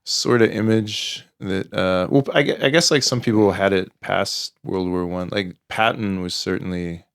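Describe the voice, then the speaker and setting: Gravelly low-voiced man chatting. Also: normal speed, dry recording, studio quality. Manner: rambling, many fillers and restarts, animated storytelling. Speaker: podcast co-host. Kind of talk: casual conversation.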